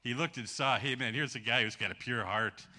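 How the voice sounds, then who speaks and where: Folksy man missionary, very bright voice. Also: medium pitch, fairly quick. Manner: folksy, casual, says "man" often. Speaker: missionary guest speaker. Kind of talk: sermon.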